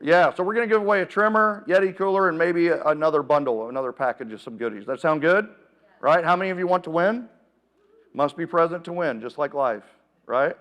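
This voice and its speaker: A man giving a keynote talk at a live seminar, energetic and playful, calling out to the audience and getting them to join in. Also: fairly high pitch, fairly quick. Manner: energetic, playful, calls out to the crowd. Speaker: keynote speaker. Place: event room with a live audience.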